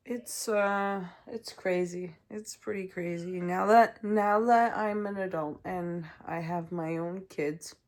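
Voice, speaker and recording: A young adult woman hosting a podcast, telling a personal story in a casual, chatty way with many ums and acted-out voices. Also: lowish voice. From Canada. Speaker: podcast host.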